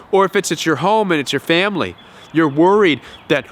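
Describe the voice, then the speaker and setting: A man hosting a self-help talk to camera, animated, often acting out quoted voices and repeating words. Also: high-pitched, a little fast. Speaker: self-help video host.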